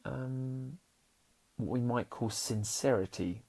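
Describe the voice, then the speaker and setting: A man hosting a casual motivational podcast as a happiness coach. He talks earnestly and restarts often, swinging between loud bursts and soft, sincere stretches. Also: medium pitch, takes it slowly, vocal fry. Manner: swears casually and addresses listeners as warriors.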